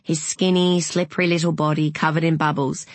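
A woman narrating an audiobook in a measured, unhurried way, with a breathy voice. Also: low voice, little pitch movement, no room sound.

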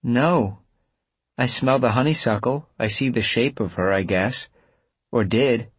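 A man's voice: mid-range voice, measured pace, husky, dry recording, pitched above the performer's own voice. A man voicing an earnest young woman who senses a ghost, hopeful and urgent. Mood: hushed.

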